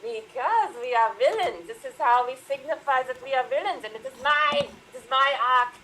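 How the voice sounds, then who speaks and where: A woman's voice: high-pitched, big pitch swings, bright, forceful tone, slight background noise, poor audio. A woman performing a one-minute improvised comedy scene, playing every part herself. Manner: plays every part herself, swapping voices fast. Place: small stream studio.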